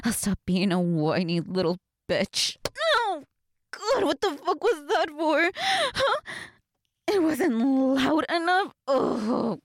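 A woman voicing a defiant young waitress in a scripted audio role-play, teasing and sarcastic, then pleading, with a breathy voice. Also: huge pitch swings, slow pace, dry recording, exaggerated voice. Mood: bratty. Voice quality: breathy, swings between low murmurs and high cries.

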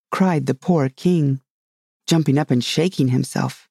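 A man narrating a storybook in a measured storytelling manner. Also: a little high, gravelly, darkish tone, husky, dry recording, studio quality. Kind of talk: storybook reading.

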